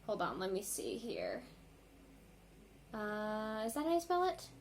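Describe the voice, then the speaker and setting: A woman vlogger reacting to music in a casual, rambling chat, full of ums and likes and quick apologies. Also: mid-range voice, huge pitch swings, slight background noise.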